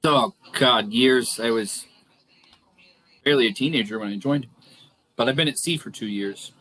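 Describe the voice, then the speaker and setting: A man's voice: mid-range voice, moderate pace, pushed and bright, poor audio. A man playing in a tabletop game, joking and playful. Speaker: player. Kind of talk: casual tabletop play.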